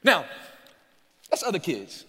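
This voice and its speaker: A middle-aged male pastor preaching a sermon, animated and joking, laughing often as he tells stories. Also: high voice, slow, slightly rough. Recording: reverberant hall.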